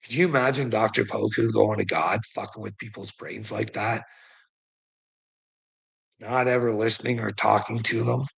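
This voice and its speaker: A man's voice: lowish voice, steady tone, normal speed, creaky, a bit bright, slightly rough, poor audio. A man telling a rambling personal story to a relative, swearing constantly and laughing often.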